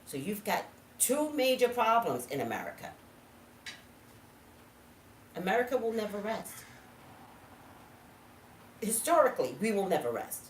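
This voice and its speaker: A woman's voice: a little slow, long pauses, recorded from a distance. Woman telling a story to camera, up and down a lot, echoey room, faint room noise. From California. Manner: animated, swings from low asides to loud exclaims. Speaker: psychic vlogger. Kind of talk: casual storytelling monologue.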